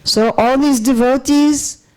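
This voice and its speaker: A woman's voice: high voice, fairly even intonation, slow, darkish tone. A woman giving a religious lecture to a live audience in a temple hall, chatty and teasing, often checking that listeners follow. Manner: light teasing humor. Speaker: visiting speaker.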